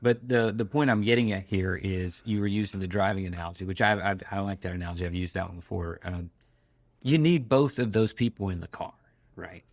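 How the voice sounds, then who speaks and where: A man's voice: low voice, brisk, no echo. A man hosting an interview, asking questions in a conversational way with some hesitation. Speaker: podcast host.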